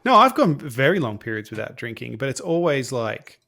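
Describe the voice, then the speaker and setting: A man's voice: mid-range voice, sing-song, moderate pace, creaky, bright, forceful tone. A man co-hosting a podcast, chatting casually in a rambling, self-deprecating way. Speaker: podcast co-host. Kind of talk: casual chat.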